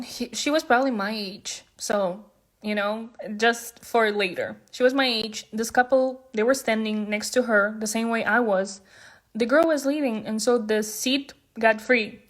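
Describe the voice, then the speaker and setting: Young woman vlogging, kinda high voice, fired up and cussing a lot. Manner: animated, indignant, swears freely. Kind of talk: storytime vlog.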